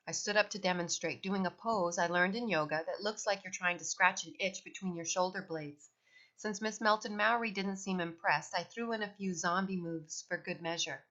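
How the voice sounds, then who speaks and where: A woman reading a children's novel aloud, telling it lively in the first person. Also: on the low side, moderate pace. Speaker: audiobook reader. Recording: dull lo-fi recording.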